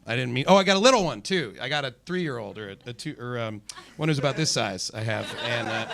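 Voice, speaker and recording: A man's voice: on the high side, big pitch swings, brisk, creaky, pushed and bright, a little hiss or hum. A young man doing a stand-up comedy set on a club stage, rambling and self-deprecating with lots of fillers.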